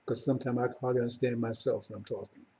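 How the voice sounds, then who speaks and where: Mellow-voiced man preaching on a live stream. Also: medium pitch, steady tone, fast. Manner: rambling, self-correcting, rising to fervent emphasis. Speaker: religious teacher. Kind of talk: live-streamed religious talk.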